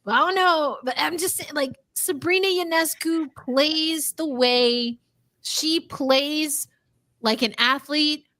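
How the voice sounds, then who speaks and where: A woman co-hosting a casual sports podcast, talking in an animated, emphatic and playful way. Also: high-pitched, slow pace. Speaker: podcast co-host.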